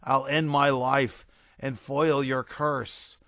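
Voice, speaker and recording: A man's voice: medium pitch, level tone, slow pace, pushed and bright, dry recording, clean studio sound. A man voicing a blustering, raving army general who bellows and rants. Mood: ranting verse. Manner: bellowing, ranting, unhinged.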